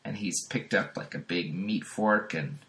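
A man's voice: low-pitched, a little slow, a bit bright. A man hosting a podcast, casually recapping a comic book and laughing often. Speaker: podcast host.

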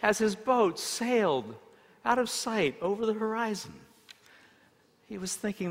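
A man preaching a sermon in a dramatic way, shifting between loud emphasis and hushed tones as he tells stories. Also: sits high, animated, a little slow, pauses often, a little hiss or hum. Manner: storytelling with acted quotes. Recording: long reverb of a large hall.

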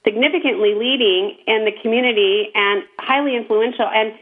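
A woman's voice: on the high side, a little fast. A woman co-hosting a casual chat, speaking in an earnest, encouraging way. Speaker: podcast co-host. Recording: tinny phone-line sound.

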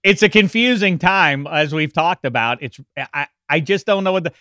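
Sports podcast guy, bright voice, rambles and restarts a lot, slightly high. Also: lively intonation, no echo, studio quality. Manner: rambling, halting, many restarts. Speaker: podcast co-host. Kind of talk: casual sports chat.

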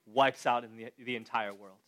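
A man's voice: mid-range voice, normal speed. A man preaching a conversational sermon, talking straight to his listeners and asking them questions. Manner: conversational, animated, addresses the audience directly. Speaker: pastor.

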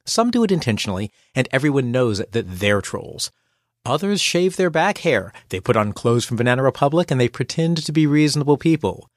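A man's voice: mid-range voice, very animated, a little fast, no echo, clean studio sound. A man coaching and hosting a scripted podcast, in a wry, playful manner. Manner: wry, playful, acts out quoted voices. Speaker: executive coach and host.

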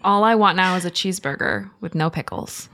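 A young woman with a bright, crisp voice co-hosts a casual podcast. She tells stories playfully and mocks herself, dropping plenty of "like" into her sentences. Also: lowish voice, brisk. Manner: playful, self-mocking, lots of "like". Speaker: podcast co-host. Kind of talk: casual podcast chat and timed storytelling.

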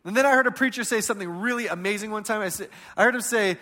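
A man in his thirties preaching a sermon, telling stories in a conversational way that swings between loud and hushed. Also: high voice, very fast, few pauses, big-room sound.

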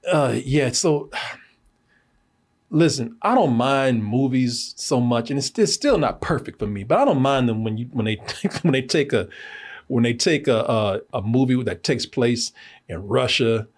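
American guy hosting a movie review podcast, husky voice, animated and swearing, lots of uhs. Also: mid-range voice, a little slow. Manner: animated, laughing, profane, lots of fillers. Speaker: film review podcast host. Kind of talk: casual film review chat.

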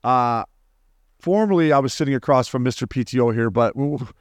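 A man co-hosting a podcast in casual chat, telling stories excitedly and swearing freely. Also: medium pitch, a little fast, dry recording. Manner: excitable, profane, storytelling. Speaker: podcast co-host.

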